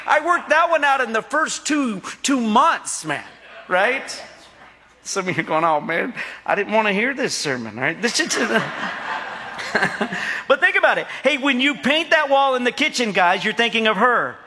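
A man's voice: extremely high pitch, big pitch swings, moderate pace, pushed and bright, slight background noise. A middle-aged man preaching a sermon as pastor, joking and telling stories, often asking the congregation to answer back. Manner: jokey, storytelling, asks the congregation for responses. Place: church hall. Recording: long hall reverb.

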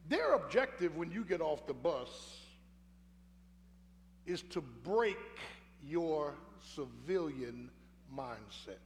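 A man's voice: a little high, sing-song, slow, pauses often. An older man preaching a sermon, telling his own story earnestly with repeated phrases. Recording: echoey hall, faint hum.

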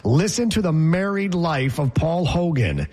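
A man co-hosting a casual talk show, telling jokey stories with a husky voice. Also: a little high, very animated, a little slow, darkish tone. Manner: joking, storytelling. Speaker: co-host. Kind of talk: casual banter.

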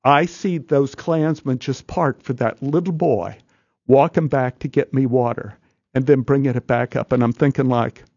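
A male actor telling an animated story in a studio interview, stammering and restarting as he acts out the people in it. His voice sits at a middle pitch. The sound is dry and slightly dull. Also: moderate pace, no echo. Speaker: guest, actor. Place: radio studio.

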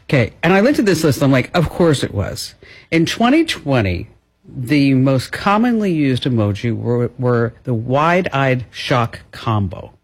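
Husky-voiced woman host, bouncy lively delivery, jokey and quick. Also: rumbling low. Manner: playful, quick, laughs often. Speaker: radio show host. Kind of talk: casual chat.

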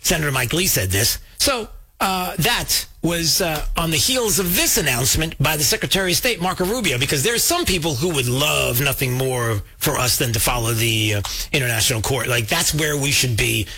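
A man hosting a talk show, telling a story casually and jumping high in pitch when he quotes people. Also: lively intonation, normal speed, sharp tone, breathy edge, soft background music. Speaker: show host.

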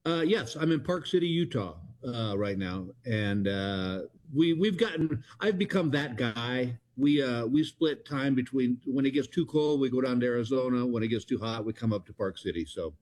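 A man's voice: mid-range voice, animated, normal speed, few pauses, darkish tone. A man in his sixties with a drawl, chatting as a comedian guest. He spins self-deprecating stories in a folksy way, stumbling through fillers and restarts as he goes. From Texas. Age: 60s. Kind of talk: casual interview chat.

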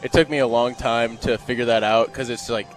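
A man in his twenties, a volunteer assistant coach, answering interview questions in a halting, rambling way. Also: medium pitch, fairly even intonation, soft background music. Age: 20s. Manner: halting, full of fillers and restarts. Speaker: guest, former player and volunteer assistant coach. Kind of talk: radio interview.

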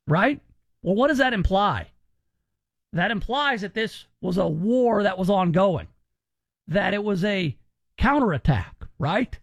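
A man's voice: high voice, animated, unhurried, gravelly, no room sound. A male radio talk show host giving emphatic, opinionated commentary in a chatty way.

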